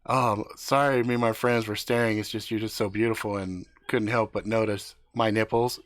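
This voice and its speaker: A man's voice: on the low side, fairly even intonation, normal speed, fairly bright tone, close to an everyday voice. A man voicing a brash, crude young man on spring break chatting up a woman. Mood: smooth-talking. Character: brash young male partier, crude and bold.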